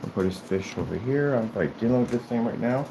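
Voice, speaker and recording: A man's voice: medium pitch, expressive, fast, creaky. A man presenting his company's products in a casual vlog, rambling with many fillers and restarts. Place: indoors at his office. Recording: noisy room recording.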